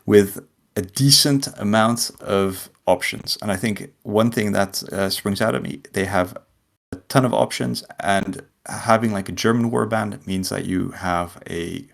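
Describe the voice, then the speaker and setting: Deep voiced guy on a podcast, kinda gravelly, rambly, lots of likes and ums. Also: unhurried. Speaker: podcast co-host. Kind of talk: casual podcast chat.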